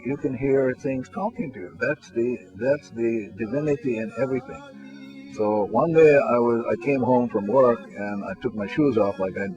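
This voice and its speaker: A man being interviewed as a spiritual teacher, telling stories in a relaxed, soft-spoken way, his phrases often trailing off quietly. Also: mid-range voice. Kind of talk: relaxed conversational storytelling. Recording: dull lo-fi recording with faint music.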